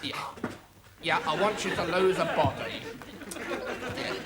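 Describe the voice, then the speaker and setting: Brief: a camp, seedy agent, raised pitch, steady drawl, audience laughter around him. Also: male voice, takes it slowly, over a noisy crowd, exaggerated voice. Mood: businesslike. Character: seedy, unflappable male showbiz agent, middle-aged. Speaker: showbiz agent. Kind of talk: sitcom acting. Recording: studio audience laughter, background hiss.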